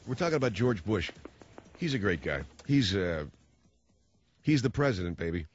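A man's voice: lowish voice, very animated, normal speed, muffled recording, faint music behind. A man hosting a talk radio show, ranting about politics in a sarcastic, mocking way.

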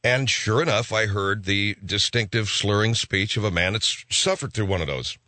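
A man's voice: fairly low pitch, moderate pace, bright, forceful tone, no echo. A man hosting a radio talk show, rambling in a casual, offhand monologue full of restarts from a studio.

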